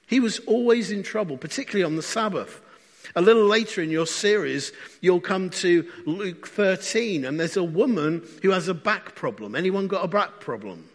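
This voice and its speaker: A man preaching a sermon in a conversational way, often asking the congregation questions. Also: high voice. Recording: long hall reverb.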